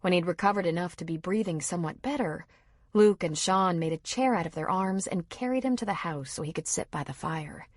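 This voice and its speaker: A woman reads an audiobook in steady, dramatic narration, her voice fairly low with a husky edge. The recording is close to the mic and dry, with no room sound. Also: fairly quick, dry recording. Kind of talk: scripted narration.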